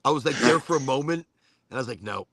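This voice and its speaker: An American man hosting a casual chat show, rambling and animated, cursing offhandedly as he talks. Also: medium pitch, quick pace, a little hiss or hum. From United States. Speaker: podcast host.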